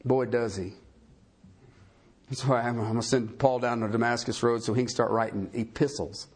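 A male pastor preaching a sermon, reading scripture aloud and swinging between loud rising emphasis and low, quiet folksy asides. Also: fairly even intonation, normal speed, slightly rough.

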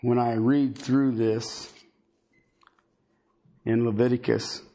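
A male preacher teaches a Bible sermon conversationally, halting along with many fillers and folksy asides. His mid-range voice is mellow, with little pitch movement.

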